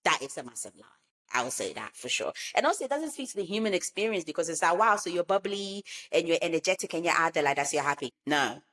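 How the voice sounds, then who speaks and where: Woman, fairly low voice, emphatic, repeats words for stress, casual podcast chat. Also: very animated, fast talker, fairly bright tone. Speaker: podcast co-host.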